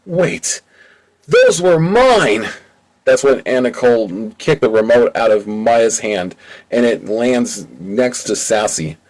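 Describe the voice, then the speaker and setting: A man's voice: fairly low pitch, fairly even intonation, measured pace, a little mellow, low-quality recording. A man narrating his own amateur audiobook in a plain, casual storytelling way. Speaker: audiobook reader. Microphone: home mic.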